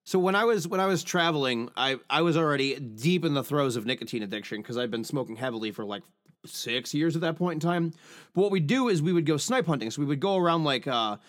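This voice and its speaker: A man's voice: a little high, animated, fast talker, a bit bright. A man co-hosting a casual true-crime podcast, wry and crude in his jokes. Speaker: podcast co-host.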